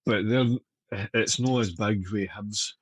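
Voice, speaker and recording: A man's voice: fairly low pitch, steady tone, slow pace, slightly rough, dry recording. A man with a Scottish accent hosting a casual podcast interview, easygoing and hesitant. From Scotland. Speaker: podcast host.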